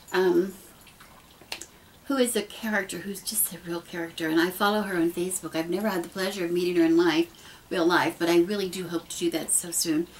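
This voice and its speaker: Speaking into her camera mic in a dim room at home, this middle-aged pagan vlogger from the United States rambles sincerely and casually, restarting as she opens her heart. Her voice is lowish and a little mellow, caught in a rough recording with slight background noise.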